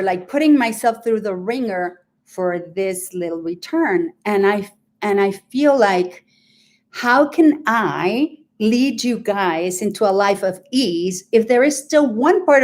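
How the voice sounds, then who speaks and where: Woman host, unhurried, earnest and reflective, heartfelt rambling livestream chat. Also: mid-range voice, a little mellow. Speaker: host of a weekly sound bath livestream. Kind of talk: candid heartfelt livestream talk.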